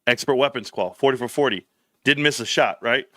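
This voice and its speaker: A man's voice: mid-range voice, a little fast, no echo. A middle-aged man hosting a casual livestream chat, telling stories bluntly with slang. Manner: blunt, animated storytelling with slang. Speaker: livestream host.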